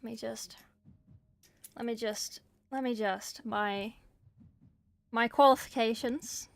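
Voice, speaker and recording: A woman's voice: a little high, fairly even intonation, slow, creaky, no room sound. Chatty woman streamer, New Zealand tinge. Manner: chatty, joking, self-mocking. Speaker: streamer and miniature painter. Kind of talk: casual live-stream chat answering viewers. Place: dark room at home at night.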